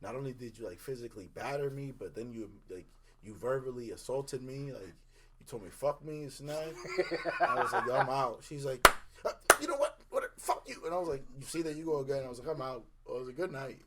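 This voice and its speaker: A young man and podcast co-host, telling a story in casual chat. He talks in an animated way, acts out the quotes and laughs along. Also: mid-range voice, fast. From Dominican heritage.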